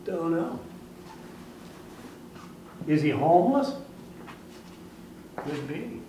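A man preaching a sermon, telling a story dramatically and swinging between hushed and loud. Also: on the high side, very animated, very slow, echoey room, distant mic, a little hiss or hum, poor audio.

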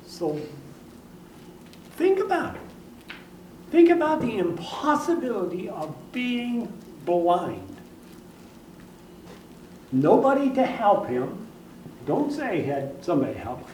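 A man preaching a sermon, telling a story dramatically and swinging between hushed and loud. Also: sits high, sing-song, takes it slowly, pauses often, roomy sound, distant mic, slight background noise, poor audio.

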